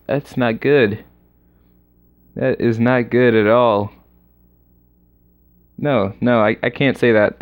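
A young man casually commenting on a game during a livestream, excitable and rambling as he reacts aloud. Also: mid-range voice, clean tone. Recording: slightly dull lo-fi recording.

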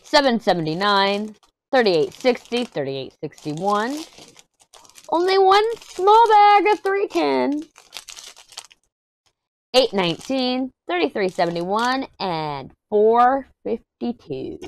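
A woman's voice: mid-range voice, a little hiss or hum. Chatty woman unboxing a craft kit. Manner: chatty, excited, hums while working. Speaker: diamond painting vlogger. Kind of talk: casual unboxing chat. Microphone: desk mic.

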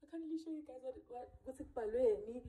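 A woman's voice: high-pitched, quick pace, dark tone. Chatty woman vlogging. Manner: chatty, mixes English with isiZulu. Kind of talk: casual vlog talk to camera. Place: hotel room and lobby. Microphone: handheld phone. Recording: noisy phone recording.

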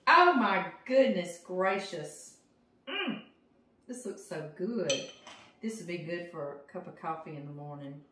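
A woman's voice: low voice, lively intonation, moderate pace, noisy background. Gushing Southern woman in an echoey kitchen. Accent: Southern US, Louisiana. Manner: gushing, affectionate, talks with mouth full. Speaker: home cooking host. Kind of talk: casual cooking chat. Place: home kitchen. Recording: echoey room, mic at a distance.

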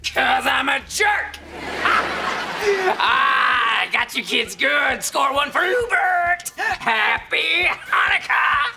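Loud, gravelly sitcom doorman, a gloating jerk. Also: very high voice, very animated, extremely slow, over loud music, heavily acted. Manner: shouting, cackling.

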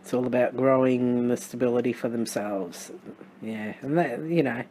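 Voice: medium pitch, fairly even intonation, moderate pace, dark tone, a little hiss or hum. A tarot reader with an Australian accent, talking through a reading in a casual, musing way with wry, sarcastic asides. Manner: thinks aloud with frequent restarts and fillers.

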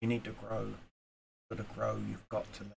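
A man talking straight to camera in a casual motivational vlog, earnest and rambling, moving from quiet reflection to emphatic urging. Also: on the low side, completely flat delivery, normal speed, gravelly, a little hiss or hum. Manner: earnest, rambling, with fillers and repeats. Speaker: YouTuber.

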